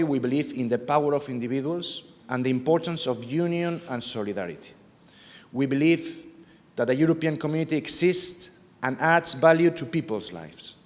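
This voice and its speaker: A man from Spain, giving a formal, measured political speech at a conference. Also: fairly high pitch. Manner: measured, deliberate, emphatic. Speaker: party official giving an opening address. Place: conference hall. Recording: long reverb of a large hall.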